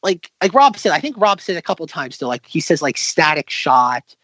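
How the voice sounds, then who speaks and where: Rambling male podcast co-host, animated pitch. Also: brisk, no room sound. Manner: rambling, lots of fillers and restarts. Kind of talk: casual chat. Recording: slightly dull, lo-fi recording.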